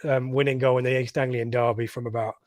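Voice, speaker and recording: A man's voice: mid-range voice, little pitch movement, fast talker, darkish tone, no room sound. A man from England hosting a live fan podcast, reading out viewer comments with jokey asides. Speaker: podcast host. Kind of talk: live reaction stream chat.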